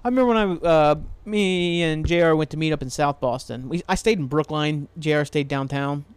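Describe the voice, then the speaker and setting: A man's voice: fairly high pitch, brisk, smooth, no room sound. Rambling, cussing podcast guy from Ohio. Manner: rambling, swears freely, laughs at himself. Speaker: podcast host. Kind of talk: casual solo podcast rambling.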